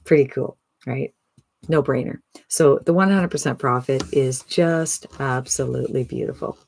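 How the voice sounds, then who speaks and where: A speaker in their sixties giving an upbeat, chatty sales pitch to camera, often tossing in a rhetorical "right?". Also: moderate pace, vocal fry, a little mellow. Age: 60s. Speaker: online business promoter.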